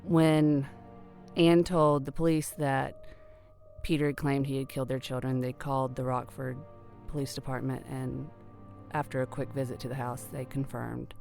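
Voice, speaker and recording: A middle-aged woman telling a personal story in a conversational, earnest way, sometimes hushed. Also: extremely low pitch, level tone, moderate pace, creaky, soft background music.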